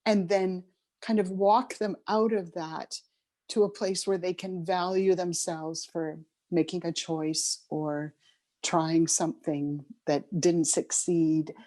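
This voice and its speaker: A middle-aged woman talks as an interview guest, her voice mellow and a little low. She tells a personal story in a reflective, unhurried way, pausing on ums and restarting sentences as she finds her words. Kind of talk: conversational storytelling.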